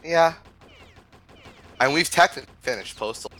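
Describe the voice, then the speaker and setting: A man's voice: on the high side, expressive, normal speed, bright, forceful tone. A man co-hosting a charity gaming stream, teasing his partner and laughing often. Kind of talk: casual livestream banter.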